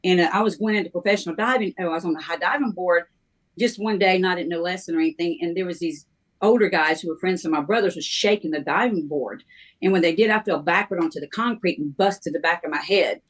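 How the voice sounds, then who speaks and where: A middle-aged woman, a minister, telling her life story in a halting, conversational way, with many ums and restarts. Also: lowish voice. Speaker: guest minister sharing her testimony.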